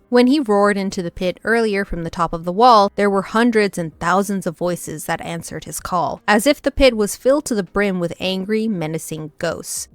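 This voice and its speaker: A woman's voice: medium pitch, no echo. A woman reading a novel aloud and reacting as she goes. She often laughs, squeals and breaks off mid-sentence.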